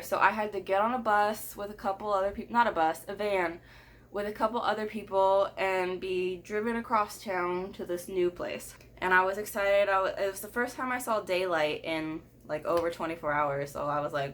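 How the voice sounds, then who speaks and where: A young woman in her twenties telling a personal story in a frank, casual way, swearing freely and quoting people in lively voices. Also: mid-range voice, a little fast, slight background noise. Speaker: vlogger.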